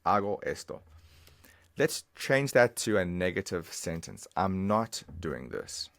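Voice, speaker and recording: A man teaching a language lesson over a screen recording, patiently explaining and repeating phrases slowly, step by step. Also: deep voice, sing-song, fairly bright tone.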